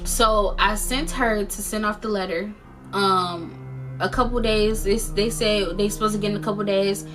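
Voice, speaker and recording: A young woman casually retelling a personal story in a lively vlog, full of slang and dramatic quoted voices. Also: mid-range voice, moderate pace, music in the background. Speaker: storyteller vlogger.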